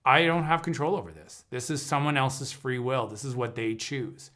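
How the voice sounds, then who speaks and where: A man's voice: medium pitch, lively intonation, moderate pace, sharp tone. Earnest man teaching on a livestream. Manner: earnest, searching, restarts mid-sentence. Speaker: intuitive counselor hosting a livestream. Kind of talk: reflective spoken teaching on a livestream.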